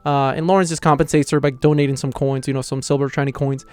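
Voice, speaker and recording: A man's voice: medium pitch, level tone, quick pace, a little mellow, smooth, dry recording. A man hosting his own anime review channel, recapping an episode in a casual, rambling way full of "you know" and "like". He often stumbles and restarts mid-word.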